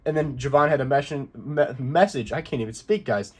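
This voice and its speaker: A man's voice: medium pitch, normal speed. A man hosting a casual wrestling recap, rambling through the action and correcting himself as he goes. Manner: rambling, self-correcting play-by-play. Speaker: wrestling recap channel host.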